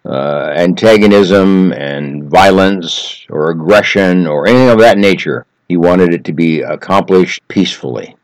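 A man telling a story in an earnest, measured way, building emphasis through repetition. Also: sits low, no echo, low-quality recording. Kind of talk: reflective storytelling talk.

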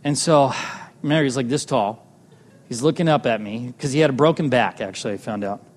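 A man telling a personal testimony as a sermon, animated, moving between loud exclamations and hushed tender moments. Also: mid-range voice, brisk. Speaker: preacher sharing a testimony. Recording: long hall reverb.

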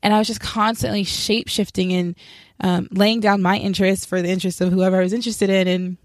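A young woman speaking a casual personal faith testimony, candid and self-reflective, describing herself as sharp and straightforward and acting out remembered conversations. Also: mid-range voice, flat delivery, fairly quick, dry recording, clean studio sound.

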